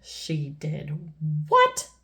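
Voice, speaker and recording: A woman's voice: on the low side, wildly swooping pitch, moderate pace, fairly bright tone. A woman playing a weepy sobbing king. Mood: wailing. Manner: wailing, blubbering.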